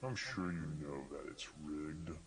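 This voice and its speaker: Analog horror TV entity, male, very deep and slow, coaxing, as a man voices it. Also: animated, far from the mic, a little hiss or hum, heavily acted.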